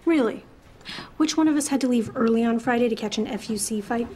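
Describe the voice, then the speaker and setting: A woman in a sitcom, talking in a deadpan, unhurried way. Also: fairly high pitch, slight background noise. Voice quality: deadpan, slow. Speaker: sitcom character. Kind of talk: sitcom acting.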